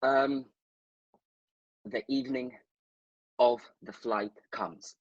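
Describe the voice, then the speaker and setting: A man with a husky, breathy voice tells a rambling story in playful asides, turning to the listeners as he goes. The sound is dry and close, with no room around it. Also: medium pitch, sing-song, moderate pace, pauses often, no echo, lo-fi sound. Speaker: guest. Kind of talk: casual anecdote telling.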